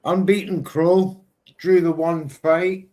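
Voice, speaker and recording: A man from Britain co-hosting a live boxing watchalong, excitable and energetic in his play-by-play. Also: fairly high pitch, takes it slowly. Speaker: co-host.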